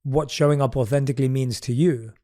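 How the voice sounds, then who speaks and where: A man hosting an interview, asking calm, reflective questions and often softly agreeing while his guest talks. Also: medium pitch, a little fast. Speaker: podcast host.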